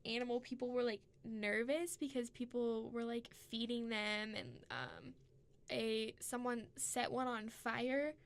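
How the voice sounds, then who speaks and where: A woman's voice: a little high, a little slow. A woman co-hosting a podcast, chatting casually in a rambling way full of "like" and casual swearing. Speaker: podcast co-host. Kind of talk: casual chat.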